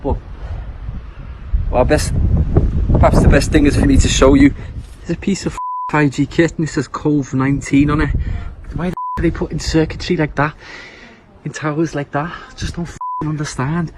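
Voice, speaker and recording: An indignant, mock-earnest mast worker in a mask, as a man puts him on, talking in a put-on Scouse accent and bitten-off swearing. He speaks at an everyday middle pitch, filmed outdoors on a phone. Clear street and traffic noise runs under the voice. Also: lightly acted. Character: masked male 5G mast worker, conspiratorial.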